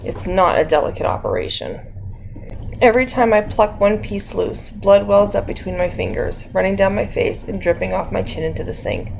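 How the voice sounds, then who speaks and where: A woman reading a mystery novel as an audiobook, measured and dramatic. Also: medium pitch, animated, gravelly, a little mellow, a little hiss or hum, rough recording. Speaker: audiobook narrator. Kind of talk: scripted narration.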